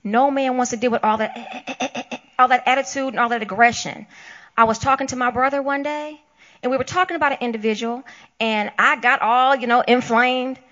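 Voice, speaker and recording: A woman's voice: fairly high pitch, steady tone, a little fast, a bit bright, muffled recording. A woman co-hosting a Christian talk show, preaching emphatically and acting out the voices she quotes.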